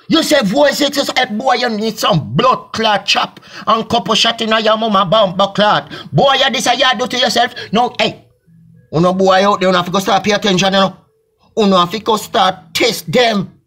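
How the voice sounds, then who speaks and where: A man with a Jamaican accent ranting loudly in a mocking reaction video, shouting and mimicking others. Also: high-pitched, moderate pace, faint music behind. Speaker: video commentator.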